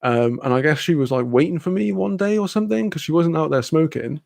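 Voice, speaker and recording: A man's voice: a little high, animated, fairly quick, creaky, a little mellow, no room sound. A young man on a live stream, telling a story in loose, rambling casual chat, heavy with swearing and fillers.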